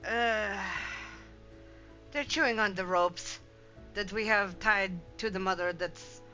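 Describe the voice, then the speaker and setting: Slow, bright-voiced tabletop player. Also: mid-range voice, steady tone. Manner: slow, hesitant, thinking aloud. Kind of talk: casual tabletop play. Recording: lo-fi with faint background music.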